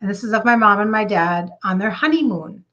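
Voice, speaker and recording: Earnest woman in her fifties, bright voice. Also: medium pitch, lively intonation, muffled recording. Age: 50s. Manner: earnest, halting with restarts and fillers. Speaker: health coach. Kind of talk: live-stream chat.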